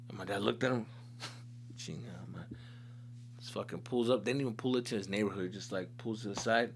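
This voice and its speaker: Slangy comedian from Arizona, telling a story. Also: male voice, on the low side, brisk, fairly bright tone, a little hiss or hum. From Tucson, Arizona. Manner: casual, swearing, slangy, peppered with Spanish. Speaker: comedian host. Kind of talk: comic storytelling.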